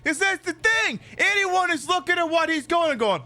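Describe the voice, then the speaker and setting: A man with a high, bright voice chats through a game stream. He swings his pitch widely and keeps a sarcastic, cursing edge throughout. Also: normal speed, few pauses. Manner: sarcastic, profane and animated. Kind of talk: casual live-stream chat.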